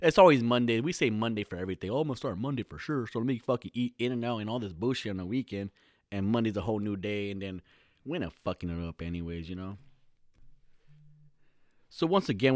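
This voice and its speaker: Man, swearing rant, slangy, lively pitch, dry recording. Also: no echo. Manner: heavy swearing, fast slangy talk that swings into loud outbursts. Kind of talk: casual profane rant to camera.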